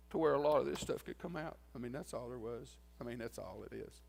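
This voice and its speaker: Man, mid-pitched, folksy funeral eulogy, long church echo. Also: quick pace, creaky, hardly any pauses, darkish tone. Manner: folksy, tells stories and acts out quoted lines. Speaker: eulogist at his wife's funeral. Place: church sanctuary.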